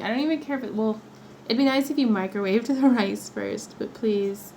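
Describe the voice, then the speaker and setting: Chatting playfully at a normal speed and laughing often, this woman runs a craft livestream from her workspace at home while she works. Her voice is on the high side, and the low-quality recording has slight background noise.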